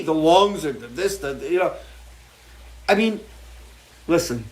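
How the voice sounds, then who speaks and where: A man's voice: on the high side, sing-song, unhurried, pauses often. Blunt, profane middle-aged man ranting. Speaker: show host. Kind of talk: impassioned live-stream rant. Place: porch, outdoors.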